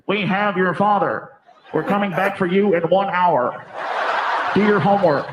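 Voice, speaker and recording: A man pretending to be a police officer making a slow, mock-official announcement, in an echoey live recording. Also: sits high, very noisy, close to an everyday voice. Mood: mock-stern. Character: man posing as police on a loudspeaker.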